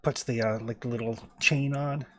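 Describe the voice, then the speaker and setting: A man's voice: medium pitch, fairly even intonation, moderate pace, a bit bright. A man narrating as game master in a tabletop game, in a loose, rambling way with many fillers.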